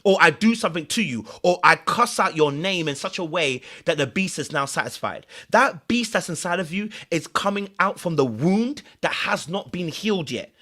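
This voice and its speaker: A young man, hosting a casual podcast and commenting in an animated, playful way, laughing at himself and repeating words. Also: on the high side, normal speed, hardly any pauses. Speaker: podcast host.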